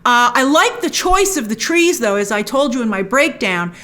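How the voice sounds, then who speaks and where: A young woman talks through a film trailer as the host of a review show. Her voice sits on the higher side and swings up and down a lot as she chats. She is enthusiastic and quick with playful asides. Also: big pitch swings, a bit bright. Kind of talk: casual trailer breakdown commentary.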